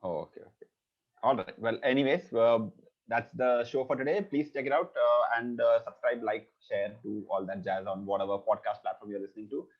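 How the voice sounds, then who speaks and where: A man hosts a casual podcast with a playful, joking manner. His voice sits at an everyday pitch, and he leans on "uh" fillers as he wraps up. The sound is dull and lo-fi. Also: steady tone, a little fast. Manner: playful, jokey, frequent "uh" fillers. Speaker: podcast host.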